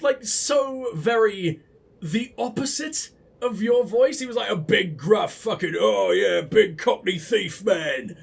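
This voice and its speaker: High-pitched sarcastic gaming host. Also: male voice, husky. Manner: sarcastic, profane and animated. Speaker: let's play host. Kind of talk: casual gameplay commentary.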